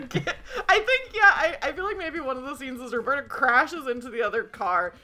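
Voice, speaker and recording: A woman's voice: high voice, animated, normal speed, bright, forceful tone. A young woman casually running a tabletop game, giggling and rambling with many fillers. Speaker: game facilitator.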